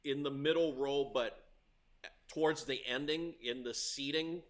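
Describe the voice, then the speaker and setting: Sharing school-day stories as an interview guest, this middle-aged Hawaiian tennis coach laughs a lot and raises his volume at the tense parts. He speaks at a measured pace in a mid-range voice with fairly even intonation.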